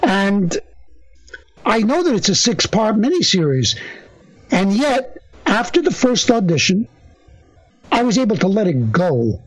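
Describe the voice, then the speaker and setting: Lively, animated older male storyteller. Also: high voice, measured pace, long pauses, rough recording. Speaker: actor, guest. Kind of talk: storytelling interview.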